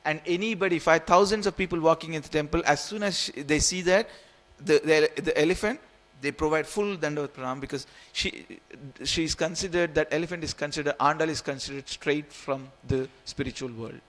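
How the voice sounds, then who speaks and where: Brisk, barely pausing and a little high and bright in voice, an Indian-born man in his forties teaches scripture in a temple hall. His class is informal and jokey, with repeated phrases and gentle coaxing of the listeners.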